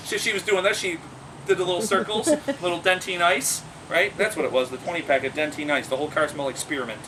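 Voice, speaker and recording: A man who works with exotic animals tells casual, animated anecdotes, laughing as he goes and acting out the voices of the people in them. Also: high-pitched, fast. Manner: animated, laughs while telling, acts out the quoted voices. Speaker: exotic animal handler and business owner. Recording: distant mic with air-conditioning hum.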